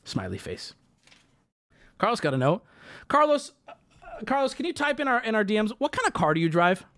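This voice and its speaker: A man's voice: high voice, huge pitch swings, fairly quick, a bit bright. A man hosting a livestream, telling a story to his chat in a heated, profane rant. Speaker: livestream host. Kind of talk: casual ranting to chat.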